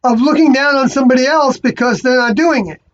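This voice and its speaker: A speaker giving a rambling spiritual monologue, halting and often stopping to correct themself. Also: high voice. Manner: halting, many fillers and restarts, self-correcting. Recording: dull lo-fi recording.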